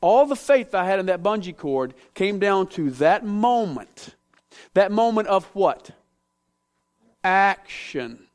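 A man's voice: high voice, very animated, takes it slowly. A middle-aged man preaching a sermon, telling stories with self-mocking humor. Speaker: pastor.

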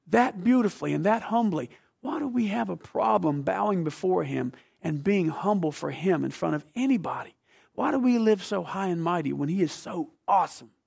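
Slightly raised in pitch and edged with gravel, a man's voice carries an emphatic sermon. He asks his congregation questions, veering between soft, hushed stretches and urgent, loud eruptions.

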